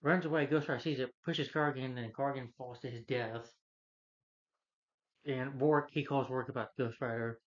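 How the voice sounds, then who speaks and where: A man's voice: medium pitch, steady tone, normal speed, dull audio. A man reviewing a film in a casual, rambling rant, retelling scenes loosely and filling gaps with lots of "you know" and "uh". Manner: loose, meandering retelling with many fillers.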